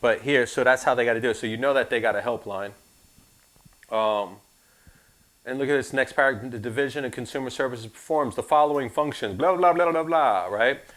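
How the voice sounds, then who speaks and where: A man leads a live insurance class in a loose, joking way. He turns to his students with asides between points and gets lively as he goes. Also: medium pitch, brisk. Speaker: insurance licensing instructor.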